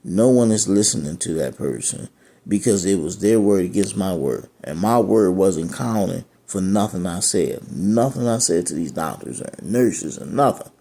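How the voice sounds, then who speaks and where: A man's voice: low voice, animated, normal speed, vocal fry, dark tone. A man, a dialysis patient, telling his own story of being turned away from care, rambling and repeating himself, frustrated and aggrieved. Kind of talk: personal testimony.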